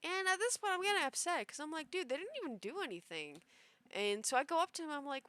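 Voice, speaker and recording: A young woman streamer telling a story to her live chat in a rambling, animated way, full of "like" and restarts. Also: sits high, fast talker, dry recording. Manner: rambling, animated, heavy use of "like".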